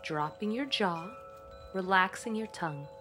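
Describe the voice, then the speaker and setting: A woman leads a breathing and voice exercise, taking her time between each instruction. Her voice sits at a middle pitch and stays calm and coaching throughout. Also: a little slow, over music.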